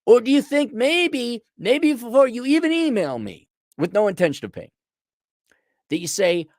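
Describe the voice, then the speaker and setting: A man's voice: very high voice, sing-song, normal speed, dry recording, studio quality. A middle-aged man and consultant delivers a blunt, profane, exasperated rant to camera. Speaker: consultant and vlogger.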